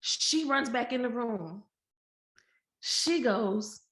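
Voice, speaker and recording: A woman guest on a podcast, telling a personal story candidly and acting out quoted dialogue with lively shifts of voice. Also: on the high side, drawn-out words, pauses often. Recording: roomy echo.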